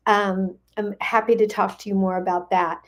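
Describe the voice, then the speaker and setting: A woman's voice: medium pitch, flat delivery, normal speed. An older woman hosting a casual livestream as a gut health coach, chatty and friendly, greeting viewers by name with frequent ums.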